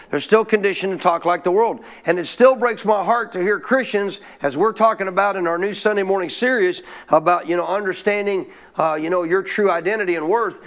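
High-voiced preaching pastor. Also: male voice, a little fast, few pauses, a bit bright. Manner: call-and-response preaching, asks congregation questions. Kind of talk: sermon. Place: church.

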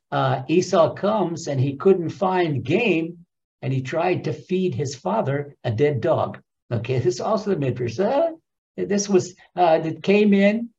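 A man teaching a Torah lesson as an animated storyteller, repeating phrases for emphasis and restarting often. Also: high-pitched, gravelly. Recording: dull lo-fi recording.

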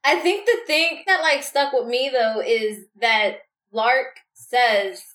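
A woman's voice: a little high, slow, a bit bright, roomy sound. A young woman co-hosting a casual book chat, laughing often and quoting her own reactions. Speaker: book club co-host.

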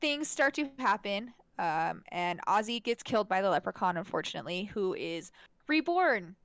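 A woman's voice: medium pitch, sing-song, moderate pace. A young adult woman in casual podcast chat, recapping a film with many fillers, restarts and frequent laughs. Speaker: podcast co-host. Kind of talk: casual chat reviewing a movie.

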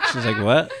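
A man telling a long personal story in a casual interview, rambling and self-deprecating, laughing often. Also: sharp tone. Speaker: guest telling his proposal story. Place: lives in a large US city.

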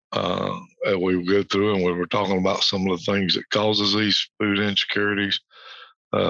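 A man's voice: deep voice, creaky, a bit bright, dry recording. A man from the United States hosting a podcast, talking informally about a news topic with many fillers and restarts. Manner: rambling, frequent fillers, reads quotes aloud. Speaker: podcast host. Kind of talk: informal educational talk. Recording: dull lo-fi dry recording.

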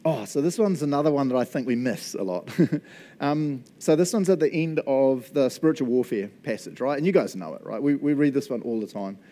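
A pastor with a mellow, mid-range voice delivers a casual, enthusiastic sermon at a fairly quick, animated clip. He's chatty and laughs often, checking in with the congregation by tagging lines with "eh?" and "right?"

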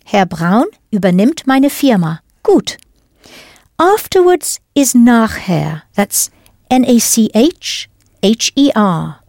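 A woman leading a scripted audio language lesson, explaining patiently and deliberately into a close studio mic. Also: a little high, big pitch swings, a little mellow, no room sound. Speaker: language teacher.

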